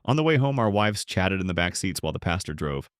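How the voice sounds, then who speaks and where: A middle-aged pastor narrates his own book as a scripted audiobook. His voice sits on the low side, and the delivery is measured and reflective. The recording is dry, with no room sound. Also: sing-song, smooth, dry recording.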